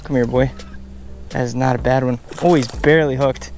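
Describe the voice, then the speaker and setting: A man casually talking through a fishing vlog outdoors at a pond, bursting into excited exclamations. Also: medium pitch, moderate pace, noisy background. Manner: excitable, bursts into loud exclamations over catches. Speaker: fishing vlogger.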